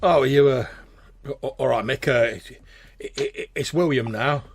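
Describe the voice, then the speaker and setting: A man's voice: mid-range voice, normal speed, slight background noise, voice pushed up, close to an everyday voice. A man voicing a nervous young former fisher now working as a guard, who stammers and hesitates.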